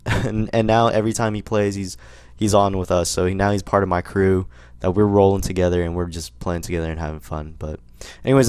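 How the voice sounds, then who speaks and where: A young man telling a rambling, animated story while commentating on a game, with lots of fillers. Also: low-pitched, smooth, no room sound. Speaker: gaming commentator. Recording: faint gunfire noise behind. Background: game gunfire.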